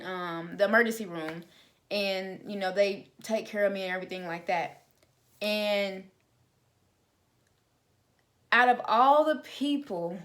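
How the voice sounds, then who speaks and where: A young adult woman telling a personal faith testimony in an informal, conversational way, with plenty of fillers. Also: mid-range voice. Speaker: vlogger sharing a testimony.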